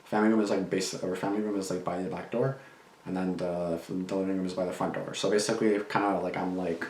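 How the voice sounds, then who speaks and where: Deep-voiced young man, rambling fast. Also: flat delivery, darkish tone. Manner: rambling, lots of fillers and restarts, swears freely. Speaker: reaction channel host. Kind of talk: casual reaction commentary and storytelling. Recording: echoey room with faint background noise.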